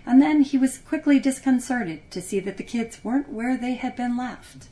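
A woman narrating a story in an expressive, lively reading style. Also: on the high side, normal speed, hardly any pauses. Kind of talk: audiobook narration.

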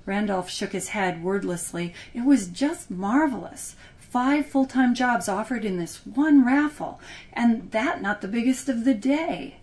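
Woman storyteller, audiobook read, lively and expressive. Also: fairly high pitch, measured pace. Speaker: narrator. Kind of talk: audiobook narration.

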